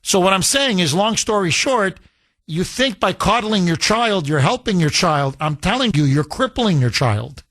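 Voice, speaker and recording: A man on talk radio, his voice pitched high for a man, with a dry, close studio sound. He rants emphatically, circles back over his points and mocks people in put-on voices. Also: expressive, normal speed, fairly bright tone, no room sound. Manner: emphatic, repeats himself, mocking put-on voices.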